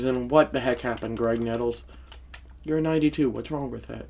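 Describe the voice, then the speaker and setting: Here a medium-pitched man with vocal fry and a slightly mellow tone talks briskly on a lo-fi recording. He's streaming a game, remarking on the play, addressing chat, and drifting into irritable, rambling tangents.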